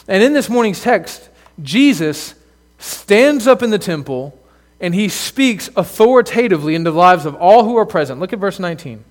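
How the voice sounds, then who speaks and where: Male pastor, high-pitched voice, earnest, direct sermon delivery. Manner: earnest, direct, addresses children in the pews. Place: church sanctuary.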